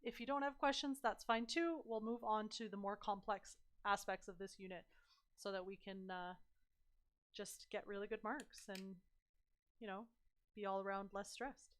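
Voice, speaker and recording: A young woman tutoring math on a livestream, chatty and encouraging, her voice slightly hoarse. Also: mid-range voice, steady tone, normal speed. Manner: chatty, encouraging, addresses viewers as "you guys".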